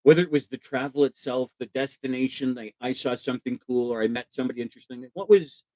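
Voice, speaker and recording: A man's voice: medium pitch, fast talker, dark tone, dry recording, muffled recording. A man hosting a casual live stream, enthusiastic, asking his guest questions and answering viewers in the chat. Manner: enthusiastic, talks to viewers in chat, acts out quoted voices. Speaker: live show host.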